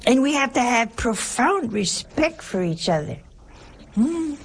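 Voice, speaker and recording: Nun giving a folksy sermon, chatty n jokey, gravelly voice, faint hiss behind. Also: female voice, a little high, very animated, measured pace, poor audio. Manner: chatty, humorous, asks rhetorical questions.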